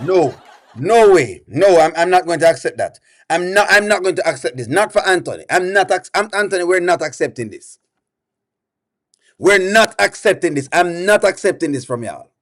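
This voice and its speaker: A man's voice: high voice, expressive, a little fast, a bit bright. A man reacting on a live stream, exasperated and pleading with his chat, repeating himself over and over.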